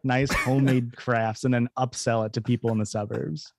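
A man's voice: medium pitch, flat delivery, moderate pace, gravelly, no room sound, clean studio sound. A man who is a guest on a casual comedy podcast, joking playfully and laughing.

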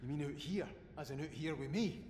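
A man's voice: fairly high pitch, a little fast, noisy background, close to an everyday voice. An actor with a Scottish accent playing a frightened, sweary male oil rig worker in a video game. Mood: anxious. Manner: nervous, sweary, exasperated.

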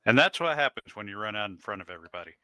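A man's voice: lowish voice, lively intonation, rapid-fire, sharp tone. A man playing a tabletop game, chiming in with dry, teasing remarks. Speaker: player. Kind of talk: casual game chat.

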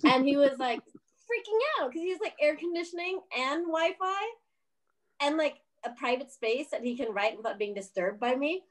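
A woman film director telling a story in a casual interview, animated, laughing often, swearing freely and acting out what others said. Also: high voice, normal speed.

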